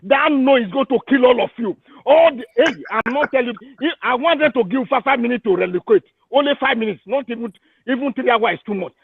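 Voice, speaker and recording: A man with a Nigerian English accent, calling in and ranting in fury, shouting and hurling repeated insults. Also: very high-pitched, brisk, vocal fry, slightly rough, dry recording. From Igbo region of Nigeria. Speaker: caller. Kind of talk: angry call-in rant. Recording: tinny phone line.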